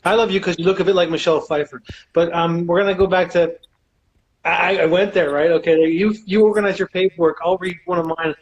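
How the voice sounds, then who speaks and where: A man on a video call, joking and reassuring with his co-host, then reading his own poem slowly. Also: high-pitched, fairly even intonation, highs cut off, slight background noise. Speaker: co-host and poet on a livestream. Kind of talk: casual livestream chat and poetry reading.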